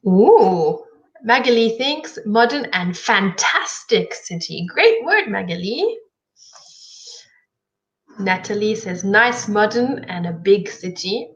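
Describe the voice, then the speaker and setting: A woman teaching an online English lesson, explaining words clearly and encouragingly. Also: medium pitch, big pitch swings, takes it slowly, lo-fi sound.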